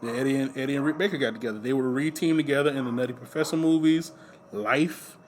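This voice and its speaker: A man casually telling stories in conversation, relaxed and laughing often, with lots of fillers. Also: mid-range voice, fast talker, slight background noise. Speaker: podcast host. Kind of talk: casual chat.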